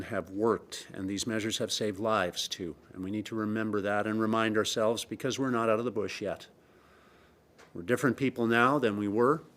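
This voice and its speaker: A middle-aged man with a Canadian accent, giving a measured, emphatic government press briefing statement with frequent pauses. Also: on the low side, fairly bright tone. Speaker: provincial premier.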